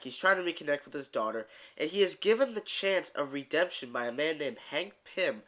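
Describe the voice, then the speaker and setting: A man's voice: a little high, bright, forceful tone. A young man with a congested, stuffy voice, chatting opinionatedly to his viewers in a casual movie review. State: congested from a cold. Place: room at home with posters.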